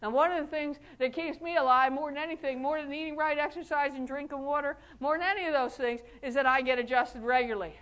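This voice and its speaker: A middle-aged woman with a high voice gives a motivational speech to fellow chiropractors. She talks in a folksy, lively way, laughing often and acting out what people said to her. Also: fast talker, few pauses. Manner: folksy, animated, laughs often, acts out quotes. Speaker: chiropractor giving a talk.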